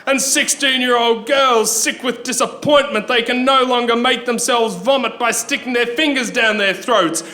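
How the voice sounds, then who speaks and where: A young Australian man performing a live satirical rhyming poem on a pub stage, ranting fast. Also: very high voice, sharp tone. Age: young adult. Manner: fast satirical rant in rhyme. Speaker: performance poet.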